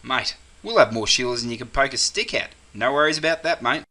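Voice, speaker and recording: A man's voice: mid-range voice, animated, a little fast, pushed and bright. A man doing a cheery Aussie mate. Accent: Australian. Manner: easygoing slangy chatter. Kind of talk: scripted comedy sketch.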